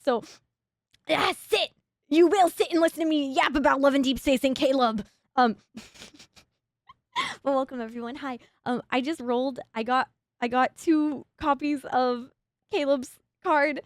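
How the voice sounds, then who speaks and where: A young woman streaming a game as a VTuber, talking to her chat in a giddy, rambling rush that keeps stumbling over itself. Her voice sits high, and the close microphone leaves it dry, with no room sound around it. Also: no echo.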